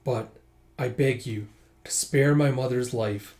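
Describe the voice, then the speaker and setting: A man's voice: mid-range voice, takes it slowly, a little mellow, natural voice. Brief: man doing a solemn young nobleman, formal and dutiful; storybook reading.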